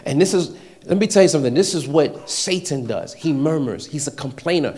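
In a slightly high voice, a man preaches briskly and with animation. Short phrases come back again and again as he shifts from loud urging to soft, near-whispered moments.

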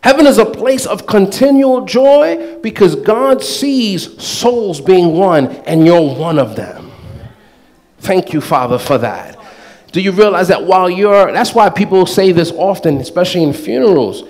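A man preaching a sermon in an animated, playful way. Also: sits high, measured pace. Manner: animated, playful, acts out quoted voices with laughter.

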